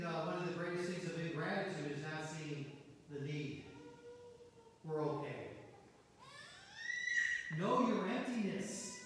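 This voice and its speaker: Male pastor, high voice, earnest scripture-quoting sermon, booming hall reverb. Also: slight background noise. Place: church auditorium. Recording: echoey hall, mic far off.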